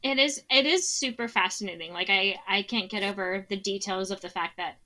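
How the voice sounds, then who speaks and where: A woman's voice: medium pitch, brisk, pushed and bright. A woman hosting a casual podcast chat, upbeat and laughing along with her guest. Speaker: podcast host.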